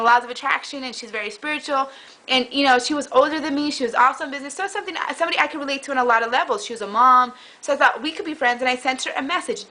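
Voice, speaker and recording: A young woman talks straight to her camera in a loose, rambling way, piling one story onto the next. Her voice sits a little high and sounds bright and clear. It feels like an unscripted home vlog. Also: poor audio. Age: young adult. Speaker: vlogger. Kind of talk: casual chat.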